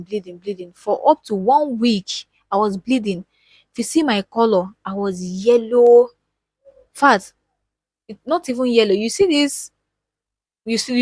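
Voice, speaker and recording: A young woman with a Nigerian accent recounts a personal story directly to her viewers. She speaks with deep emotion and keeps repeating words for emphasis, her voice sitting at a middle pitch. The sound is dry and close, with very little room echo. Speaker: vlogger.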